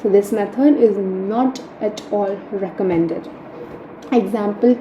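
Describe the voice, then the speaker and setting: A woman's voice: mid-range voice, measured pace, warm tone, highs cut off. A young woman teaching French grammar, explaining step by step and checking in with "right?" after key points. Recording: echoey room, faint hum.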